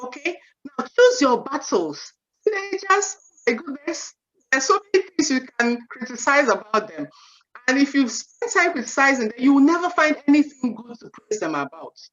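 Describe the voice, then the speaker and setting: A woman in her forties giving an animated parenting talk at a seminar, often saying "you know" and acting out what parents and children say. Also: high voice, normal speed. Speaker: seminar speaker. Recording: dull lo-fi sound.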